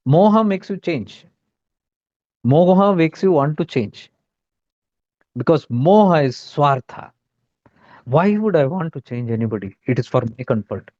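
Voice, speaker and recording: Indian male spiritual teacher, fairly high voice, emphatic, repeats himself, dull lo-fi recording. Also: expressive, normal speed, pauses often, a little mellow. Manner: emphatic, repeats key points, mixes in Hindi words. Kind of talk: spiritual talk.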